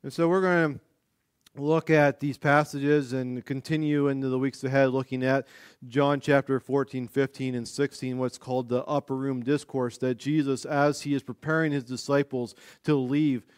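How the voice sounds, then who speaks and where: A male pastor preaching a sermon in an animated, conversational way, often restarting his sentences. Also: mid-range voice, moderate pace, clear, resonant tone, no room sound, clean studio sound.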